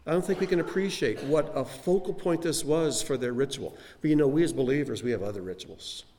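A man's voice: fairly high pitch, a little fast, dark tone. A man teaching a Bible lesson in a conversational, folksy sermon style with frequent asides to his listeners.

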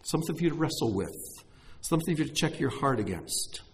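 A man, apparently middle-aged, preaching a sermon in an animated, emphatic way, speaking straight to his listeners. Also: a little high, quick pace, slight background noise. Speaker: pastor.

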